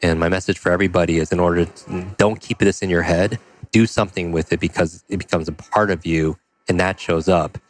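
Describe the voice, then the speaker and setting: A man telling a personal story as a podcast guest, energetic and acting out the dialogue. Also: deep voice, brisk. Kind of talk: conversational storytelling.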